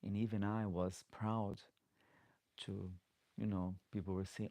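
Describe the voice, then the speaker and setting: Speaking in a low, dark voice with little pitch movement, this middle-aged drag performer unhurriedly hosts a live-stream Q&A, leaving long pauses as he reads viewer comments. His slightly broken English is full of restarts, and the desk-mic recording is dry.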